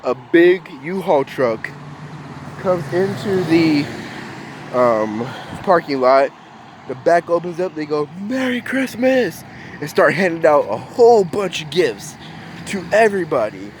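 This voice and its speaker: A young man with a slightly high voice tells a story from his past, bouncing between his own lines and the voices of others. Faint traffic hum sits behind him, as if he is recording outdoors. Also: unhurried. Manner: animated, acts out quoted voices. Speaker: vlogger. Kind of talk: casual storytelling.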